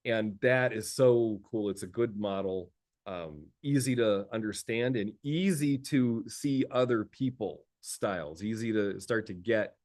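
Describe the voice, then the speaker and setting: Animated male coach telling stories. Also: lowish voice, unhurried. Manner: lively storyteller who laughs often; repeats words while thinking. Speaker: executive coach. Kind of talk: casual conversational talk.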